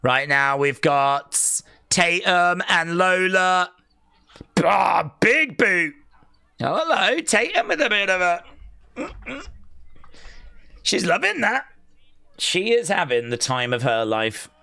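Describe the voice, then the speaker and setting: Guy streaming a wrestling watch-along, bright clear voice, dry close sound, hyped and jokey. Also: sits high, takes it slowly, long pauses, no room sound. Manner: excitable, jokey play-by-play, reads chat aloud. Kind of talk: live reaction commentary.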